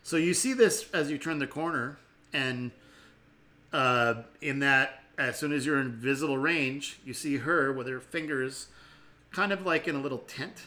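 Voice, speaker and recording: A man's voice: medium pitch, unhurried, bright, forceful tone. A man running a tabletop game as game master, chatty and laughing often.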